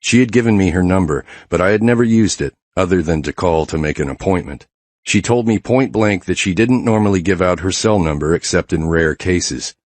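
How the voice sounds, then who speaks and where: A man's voice: sits low, brisk, no room sound. A man narrating a romance audiobook in the first person, tense and introspective.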